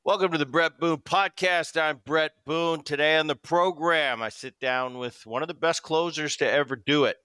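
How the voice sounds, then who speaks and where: A man hosting a podcast, chatting casually and telling baseball stories with lively quoted voices. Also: a little high, moderate pace, hardly any pauses, clean tone, soft background music. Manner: storytelling, animated quoting. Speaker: podcast host. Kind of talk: casual interview chat.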